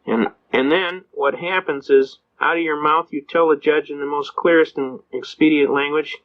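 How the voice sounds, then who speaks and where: A man's voice: a little high, normal speed. A man giving an anecdotal lecture on legal rights in a folksy, emphatic storytelling manner, on a dull lo-fi recording.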